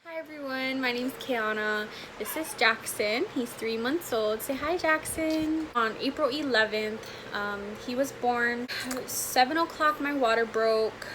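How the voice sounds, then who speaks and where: A young woman, a new mother, telling her birth story in a relaxed, slightly hesitant way. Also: on the high side, a little slow. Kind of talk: casual storytelling to camera. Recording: clear background noise.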